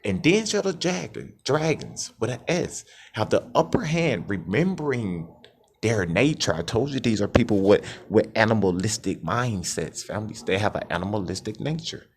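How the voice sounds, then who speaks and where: A low-voiced preacher with swooping pitch. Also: male voice, animated, normal speed, a little hiss or hum. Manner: calls out "families", asks call-and-response questions. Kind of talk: scripture reading and preaching.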